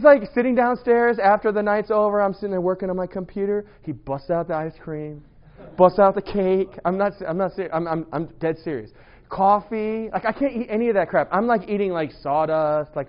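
Male preacher with a high voice, playful and animated, muffled dull sound. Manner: animated storytelling, playful, laughing asides. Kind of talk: humorous sermon.

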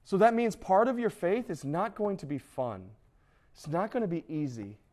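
A man's voice: high voice, moderate pace. A man in his thirties, a youth pastor, preaching a casual sermon to teenagers and acting out their quoted voices. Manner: conversational, animated, acts out quoted voices.

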